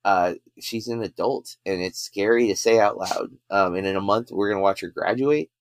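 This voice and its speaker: A man's voice: fairly low pitch, normal speed, dry recording. A man co-hosting a podcast, chatting casually with lots of fillers and restarts. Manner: rambling, many fillers and restarts. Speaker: podcast co-host.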